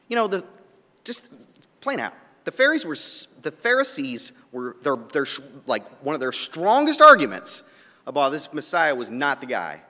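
A man preaching a sermon and reading scripture aloud, his delivery swinging from soft asides to emphatic, raised points. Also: fairly high pitch, wildly swooping pitch, moderate pace, long reverb tail. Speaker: pastor.

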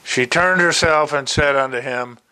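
A man preaching a sermon, reading Bible verses and explaining them with slow, deliberate asides. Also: a little high, sharp tone, smooth.

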